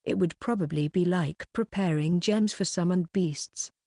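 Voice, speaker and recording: Audiobook narrator, female, mellow low voice, steady unhurried read, dry close sound. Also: no echo. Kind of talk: light novel audiobook reading.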